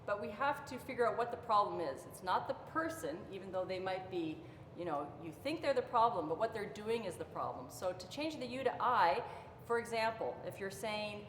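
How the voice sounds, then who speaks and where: A woman pastor giving a gentle, thoughtful marriage devotional talk, often pausing with fillers. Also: mid-range voice, expressive. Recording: roomy reverberant hall, faint noise.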